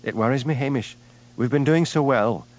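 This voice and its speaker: A man's voice: medium pitch, normal speed, dull audio, voice pushed up, close to an everyday voice. A man voicing a fretful young woman. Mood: worried. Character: poised young woman, hotel owner, anxious.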